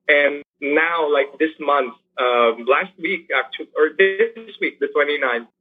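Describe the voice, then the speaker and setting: A teacher who works with poor youth, speaking earnestly in an interview with frequent restarts and fillers. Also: male voice, mid-range voice, husky. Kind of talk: interview over a remote line. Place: lives in Manila. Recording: tinny phone-like line.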